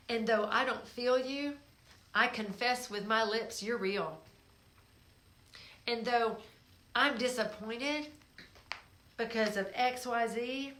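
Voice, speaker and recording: A woman hosting a show, urging listeners in a spiritual exhortation, coaxing and emphatic, swinging from hushed tones to forceful emphasis. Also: fairly high pitch. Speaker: show host. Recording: roomy echo.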